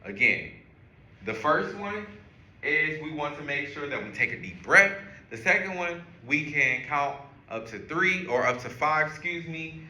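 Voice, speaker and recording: A man leading a classroom through calming exercises, speaking slowly with a very bright, lively voice. His pitch moves a lot as he guides everyone step by step. The sound carries the echo of a roomy classroom. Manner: guides a group through breathing and counting. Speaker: teacher. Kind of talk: classroom lesson on calming strategies. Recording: echoey room.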